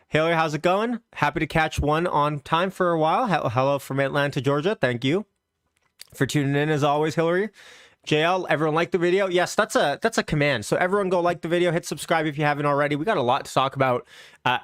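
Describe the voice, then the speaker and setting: A man's voice: a little high, a bit bright, no echo, clean studio sound. A man hosting a casual stock market livestream, upbeat and chatty, greeting viewers from the chat with loose restarts.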